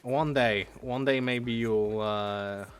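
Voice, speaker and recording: A man's voice: mid-range voice, steady tone, slow, clean tone. A young adult man with a British-sounding accent, streaming and chatting loosely with viewers, swearing now and then. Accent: British-sounding English. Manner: chatty, loose and profane, answering chat messages. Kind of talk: casual chat with stream viewers while gaming. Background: faint background music.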